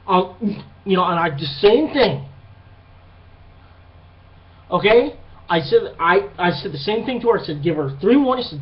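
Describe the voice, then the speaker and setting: Young man, high voice, swearing and rambling through a bar story, dull lo-fi recording. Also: normal speed. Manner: profane, rambling, animated retelling. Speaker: vlogger. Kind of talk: casual storytelling monologue.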